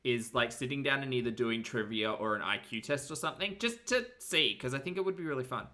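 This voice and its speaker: A woman's voice: rumbling low, brisk. A woman hosting a livestream, chatting casually, laughing often and thanking viewers. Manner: giggly, animated, thanks super chats. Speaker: livestream host.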